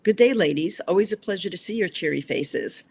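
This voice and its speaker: A woman's voice: low voice, expressive, normal speed. A woman voicing a charming, teasing young British male soccer coach while reading her novel aloud. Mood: cheery. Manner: cheery and teasing.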